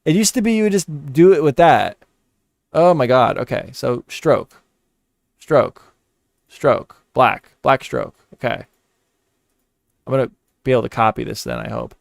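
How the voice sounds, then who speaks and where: A man's voice: mid-range voice, animated, a little slow, vocal fry, pauses often. A man talks through a live commentary stream as he edits, muttering to himself and repeating words under his breath. He swears often out of frustration. The sound is dry and close, with no room echo. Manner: frustrated muttering and cursing while editing.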